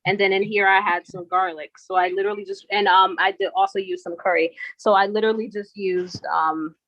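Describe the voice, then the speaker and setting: A hesitant woman explains in casual chat, padding her sentences with ums. Her tone is bright and tense, and the sound is dry and dull, like lo-fi call audio. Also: mid-range voice, fairly even intonation, a little fast, dry recording.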